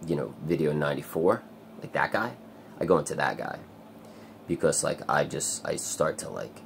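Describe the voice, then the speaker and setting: A man vlogging in a casual, rambling way, swearing often and filling pauses with "like" and "you know.". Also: rumbling low, vocal fry, a little hiss or hum. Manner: rambling, swears a lot, many fillers. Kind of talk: casual personal vlog.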